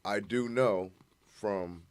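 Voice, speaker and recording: A man on a radio panel with a fairly low voice. He hesitates and restarts often as he works up to his point. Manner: hesitant, halting starts. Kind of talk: casual opinion talk.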